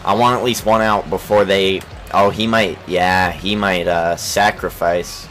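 Low-voiced slow-talking gamer swearing at his team. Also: fairly even intonation, a little hiss or hum, low-quality recording. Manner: swears and shouts in frustration at the game. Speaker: gaming channel host. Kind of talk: let's play commentary.

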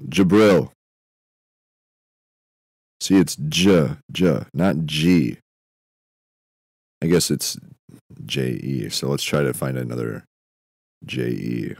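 A young man with a very deep, low voice drifts through a comedic podcast monologue, musing and doubling back on himself in a deadpan way. The sound is close and dry, with no room around it. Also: takes it slowly, gravelly, pauses often, no room sound. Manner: meandering, self-interrupting, deadpan musing with frequent fillers. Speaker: podcast host.

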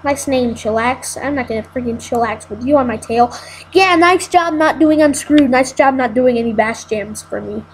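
A woman's voice: sits high, normal speed, a little hiss or hum, low-quality recording. A woman giving casual let's-play commentary, frustrated and exclaiming, repeating herself as she plays. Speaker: gameplay commentator.

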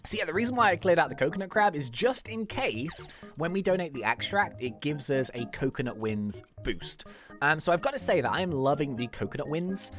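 A gaming woman chatting casually over her gameplay, her lower-pitched voice rising and falling a lot as she talks. She rambles with plenty of ums and likes over faint game music. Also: big pitch swings, brisk. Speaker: gaming YouTuber.

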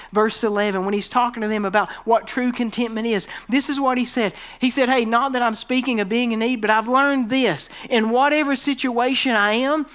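Emphatic preaching pastor, man. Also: clean tone. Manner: emphatic preaching, drops to a low quiet voice for scripture. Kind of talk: sermon.

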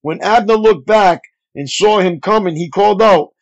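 A male pastor reading scripture aloud in a measured, phrase-by-phrase way. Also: high voice. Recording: dull lo-fi audio.

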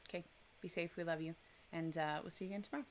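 Low-voiced woman chatting casually at home. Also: racing. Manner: relaxed, trailing off with fillers, soft sign-off. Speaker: co-host of a daily shanty video. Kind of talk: casual chat.

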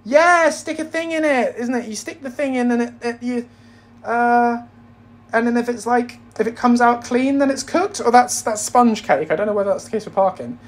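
This livestream host is a British man with a very high voice, talking at a moderate pace. During his casual baking stream he rambles, cracks jokes, and makes self-deprecating remarks while chatting with his viewers.

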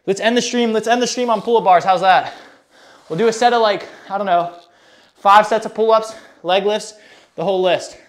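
A man's voice: high-pitched, normal speed. An out-of-breath man live-streaming a workout, chatting with viewers in a hyped, slangy way while exercising. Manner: hyped, slangy, reads chat aloud. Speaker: fitness streamer.

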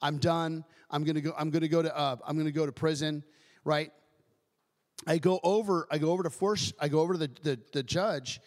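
A man giving his personal testimony in church as a guest speaker, telling it in an animated way, acting out quoted voices and often restarting his sentences. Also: fairly high pitch, fairly quick, long reverb tail. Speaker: guest speaker, ministry director.

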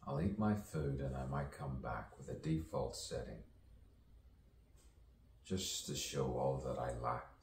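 A man's voice: a bass voice, lively intonation, measured pace, creaky, pauses often, a little mellow, reverberant, far from the mic, slight background noise. A man, a poet and actor, performing an improvised spoken-word soliloquy with dramatic swings between whispers and sudden outbursts.

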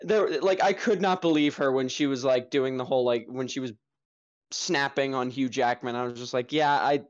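A man's voice: mid-range voice, steady tone, moderate pace, highs cut off. A young man co-hosting a film podcast, rambling through his take with lots of fillers and casual swearing. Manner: rambling, filler-heavy, profane, enthusiastic. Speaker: podcast co-host, film reviewer.

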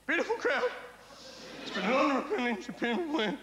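A man's voice: very high voice, animated, rapid-fire. A man doing a stand-up set, bantering with the audience and firing tag questions in a blustering manner. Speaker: stand-up comedian. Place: large theatre stage. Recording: reverberant theatre, loud crowd noise. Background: loud audience laughter.

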